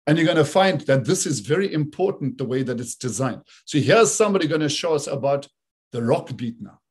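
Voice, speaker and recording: Slightly husky man explaining music beats. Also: on the high side, expressive, brisk, a little mellow. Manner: explanatory, imitates beats with syllables. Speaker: presenter. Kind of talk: talk with played video clips.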